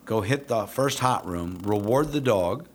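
A middle-aged man who trains police dogs, telling a story in a blunt, profane, casual way and jumping into animated quotes of himself. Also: fairly low pitch, measured pace, a little hiss or hum.

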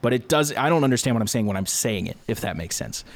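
A young man, a video creator, talking through his work process in a relaxed, chatty interview. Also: mid-range voice, fast talker. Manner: explains step by step, relaxed and talkative. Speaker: YouTube creator, guest. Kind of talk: casual conversational interview. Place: home studio room.

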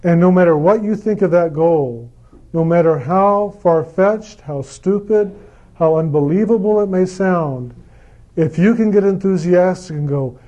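A man giving a gentle, repetitive spiritual talk about meditation and enthusiasm. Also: high voice, measured pace, highs cut off. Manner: gentle, repetitive, acts out quoted lines with mock enthusiasm. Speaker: spiritual speaker.

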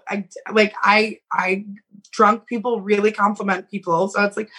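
Young woman, bright husky voice, chatty, does little voices for people in her story. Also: mid-range voice, moderate pace. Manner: animated, acts out quotes, laughs often. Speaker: podcast co-host. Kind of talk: casual storytelling chat.

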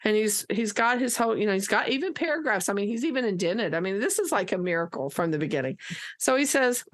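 A woman teacher telling a lively classroom story in casual conversation, acting out the dialogue as she goes. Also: mid-range voice, fast.

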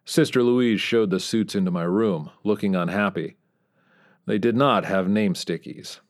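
Man, low-ish voice, first-person audiobook narration, wry, darkly humorous. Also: measured pace. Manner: wry, dry storytelling with dark humor.

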